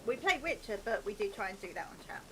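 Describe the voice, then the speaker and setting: A woman's voice: medium pitch, sing-song, fast talker, background noise. A woman co-hosting a gaming live stream, making wry quips in casual chat.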